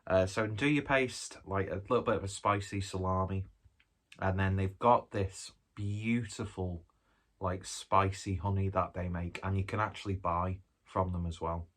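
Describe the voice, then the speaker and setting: Husky low-voiced man. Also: steady tone, normal speed, a bit bright. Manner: rambling and chatty, talking while eating. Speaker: food reviewer. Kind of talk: casual food review vlog.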